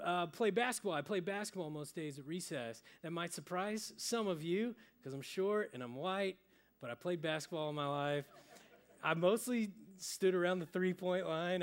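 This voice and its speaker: A young adult male pastor preaching a sermon, telling stories and dropping to a soft, hushed voice for emphasis. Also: sits high. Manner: storytelling, with sudden drops to soft, hushed emphasis.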